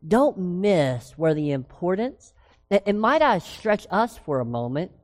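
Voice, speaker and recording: Woman, preacher, sermon, emphatic, rhetorical questions, slow delivery, expressive pitch, long hall reverb. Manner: emphatic, asks the congregation rhetorical questions, slows down on key words.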